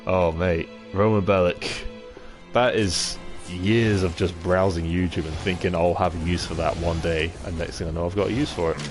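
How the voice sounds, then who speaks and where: A young British man with a low, deep voice, reading chat comments on a live stream in an easygoing way. He swears freely and laughs along with his viewers. Music plays clearly behind him. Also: steady tone, moderate pace. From Britain. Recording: music playing in the background.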